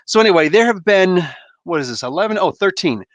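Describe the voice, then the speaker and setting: A man's voice: high-pitched, lively intonation, fairly quick, a bit bright, no room sound. A man casually reviewing comics on a live stream, loose and joking, laughing often and swearing a bit.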